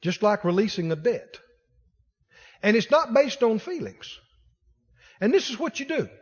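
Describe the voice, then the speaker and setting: Animated high-voiced man preaching in a hall. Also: a little slow, slightly rough. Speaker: pastor. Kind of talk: sermon.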